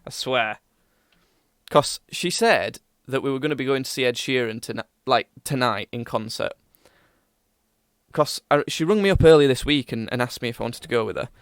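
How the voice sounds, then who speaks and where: A man's voice: mid-range voice, moderate pace, clear, resonant tone, no echo, clean studio sound. A young man hosting a podcast, rambling casually with lots of fillers and self-mocking asides. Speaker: podcast host. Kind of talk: casual chat.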